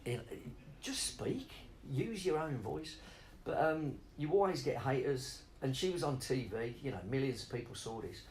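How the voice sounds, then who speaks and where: A man's voice: mid-range voice, lively intonation, normal speed, few pauses, darkish tone, slight background noise, low-quality recording. A middle-aged man rambling off on tangents in a casual interview, swearing freely as he talks about spoken word.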